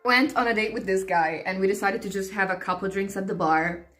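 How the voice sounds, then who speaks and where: Deadpan woman telling a story, faint music behind. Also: mid-range voice, brisk. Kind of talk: casual storytelling.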